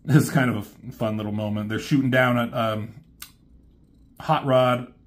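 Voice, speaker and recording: A man's voice: mid-range voice, fairly even intonation, normal speed. A man casually retelling a comic, rambling with many fillers and the odd swear word. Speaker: reviewer.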